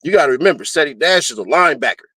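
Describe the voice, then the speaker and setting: A man hosting his own casual commentary and talking animatedly, laughing often as he goes. His voice sits fairly high for a man. The sound is dry and close, with no room around it. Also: rapid-fire, breathy edge, dry recording. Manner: animated, laughs often, breaks into high-pitched screaming bits. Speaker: commentary host.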